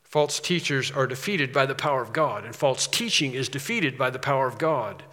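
A man's voice: medium pitch, animated, normal speed, sharp tone. Emphatic preacher man in a reverberant hall. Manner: emphatic, repeats phrases, voice rises on key points. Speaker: pastor. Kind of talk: sermon.

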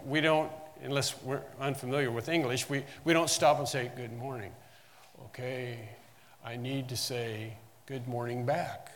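A man teaching through a sermon, with a voice that sits a little high for a man. He stresses the verses he quotes and often restarts his phrases. His voice carries a long reverb, as in a large hall. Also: a bit bright. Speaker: Bible teacher.

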